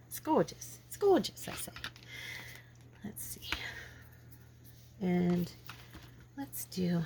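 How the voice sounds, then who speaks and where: A woman's voice: low voice, gravelly, slight background noise. A woman with a lingering head cold, chatting casually and rambling as she works on a craft project. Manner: chatty, rambling, self-deprecating. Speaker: craft channel host.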